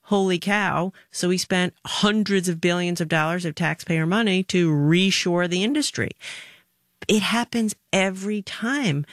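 A middle-aged woman answering interview questions in an emphatic, direct way, telling stories with lively energy. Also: lowish voice, a little slow, dry recording, clean studio sound. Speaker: former government official, guest.

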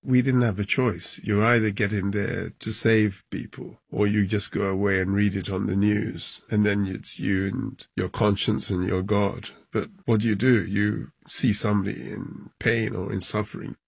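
A man, a football club chairman, recounting events in a documentary interview, halting and emotional, his voice dropping low at times. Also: fairly even intonation, gravelly, husky, no echo.

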